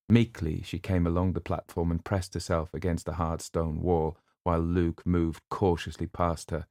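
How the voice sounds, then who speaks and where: A man narrating a novel in a steady, measured storytelling voice. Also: sits low, dry recording, clean studio sound. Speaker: audiobook narrator. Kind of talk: scripted narration.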